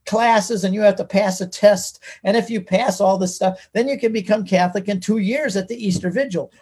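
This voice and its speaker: A man voicing a stern parish priest who insists on the rules, in his own husky voice. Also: high voice, normal speed, a little mellow. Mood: firm. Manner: firm, rule-bound. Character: stern middle-aged male parish priest.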